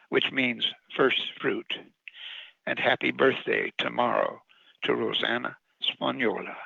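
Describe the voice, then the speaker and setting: Gravelly man reading his own story. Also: mid-range voice, bright, forceful tone, dry recording, highs cut off. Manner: wry, sardonic narration. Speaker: radio commentator and writer.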